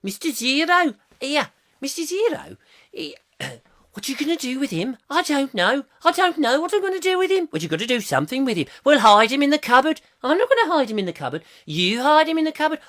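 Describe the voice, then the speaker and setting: A man's voice: very high-pitched, big pitch swings, pushed and bright, voice pushed up, full character voice. A man putting on a Birmingham accent to play bickering Brummie men in a radio-play style squabble. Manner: bickering, whiny, rapid back-and-forth.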